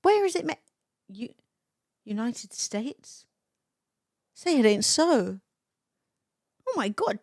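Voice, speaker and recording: A woman's voice: sits high, big pitch swings, darkish tone, no room sound. Profane, chatty woman streamer on a dry mic. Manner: chatty and profane, quick laughing reactions. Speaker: livestreamer. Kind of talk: casual stream chat, reading chat aloud.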